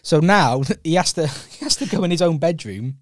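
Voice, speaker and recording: A man's voice: fairly high pitch, expressive, moderate pace, no room sound, studio quality. A young Welsh man co-hosting a podcast, telling rambling stories in a casual chat and laughing often. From Wales. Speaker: podcast co-host.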